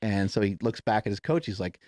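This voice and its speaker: Male host, low-pitched, dry close sound, loose profane storyteller who acts out the quotes. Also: animated, brisk, darkish tone, no room sound. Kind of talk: casual storytelling chat.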